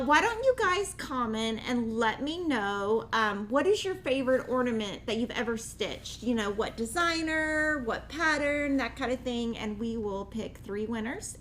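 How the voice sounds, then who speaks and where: A woman's voice: on the high side, normal speed, few pauses, slight background noise. A middle-aged woman hosting a craft show, chatting casually to viewers and acting out the voices in her story with animation. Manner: animated, acts out her own and others' lines. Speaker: host of a cross-stitch show.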